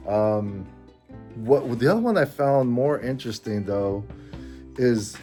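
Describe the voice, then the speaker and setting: A man's voice: medium pitch, expressive, slow pace, long pauses, mellow, faint music behind. Chuckling Mexican-born man in his fifties. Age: 50s. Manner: rambling, chuckling, self-deprecating. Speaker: vlogger. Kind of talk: casual personal vlog.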